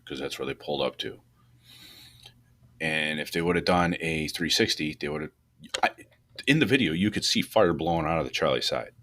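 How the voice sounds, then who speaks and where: A man with a very low voice talks firefighting tactics in a loose, rambling way. He restarts his sentences often. His pitch climbs when he gets worked up. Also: a bit bright. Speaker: podcast co-host, fire truck company boss. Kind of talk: casual shop talk about firefighting.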